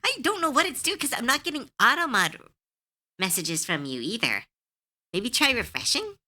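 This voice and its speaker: A woman's voice: on the high side, sing-song, normal speed, bright, forceful tone. A woman streamer in casual livestream chat, giggly, chatty and self-deprecating.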